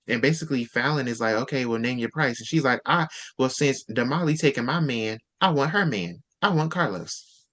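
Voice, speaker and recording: A man hosting a casual book discussion, retelling scenes with quick quoted dialogue. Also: mid-range voice, lively intonation, a bit bright. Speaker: host.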